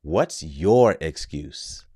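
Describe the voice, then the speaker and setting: A man's voice: extremely low pitch, expressive, extremely slow, dark tone, husky, dry recording, clean studio sound. A man hosting a podcast interview, encouraging and affirming as he asks questions. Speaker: podcast host.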